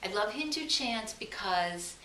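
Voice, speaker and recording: An enthusiastic woman with a Long Island accent leads a guided meditation lesson, her voice bright and forward. She is recorded in an echoey room at home with a faint hiss behind her. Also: medium pitch, lively intonation, recorded from a distance. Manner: enthusiastic, chants slowly at times. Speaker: psychic teacher.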